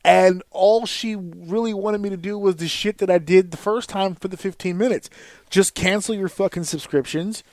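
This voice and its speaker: A man's voice: high voice, moderate pace, darkish tone, no echo. A man in his thirties hosting a podcast, telling a profane, exasperated story in a casual rant. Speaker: podcast host. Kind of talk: casual ranting monologue.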